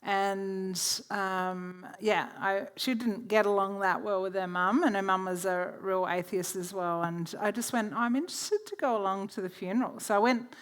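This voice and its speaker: A woman's voice: mid-range voice, fairly even intonation, moderate pace, few pauses, clean tone. A woman presenting a church workshop. She teaches through chatty personal stories and laughs easily.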